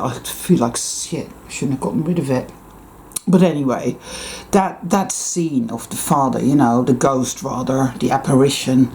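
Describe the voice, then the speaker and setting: A man with a mellow, rounded voice wanders through a loose monologue. He swears freely and breaks off his own sentences to go off on tangents. A faint hiss sits under the recording. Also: medium pitch. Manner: profane, digressive, frequent self-interruptions. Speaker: vlogger. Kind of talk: rambling personal monologue.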